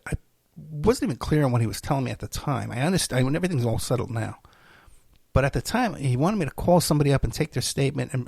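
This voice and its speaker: A man's voice: medium pitch, vocal fry, breathy edge, no room sound. A man hosting a podcast, telling a story in a loose, rambling way, with laughs and restarts. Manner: rambling, laughing, self-interrupting. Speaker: podcast host. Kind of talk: casual storytelling monologue.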